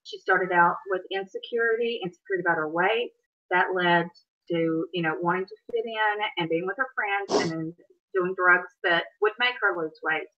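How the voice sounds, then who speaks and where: A woman's voice: on the low side, normal speed. Woman host explaining on a lo-fi stream. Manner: explaining, coaching and reassuring. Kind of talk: educational live-stream talk.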